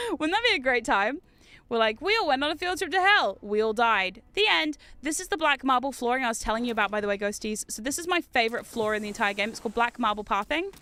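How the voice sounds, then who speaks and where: The VTuber streamer, a woman with a New Zealand accent, talks loudly and excitably over her gameplay, swearing plenty along the way. Her fairly high voice is clear with a resonant tone.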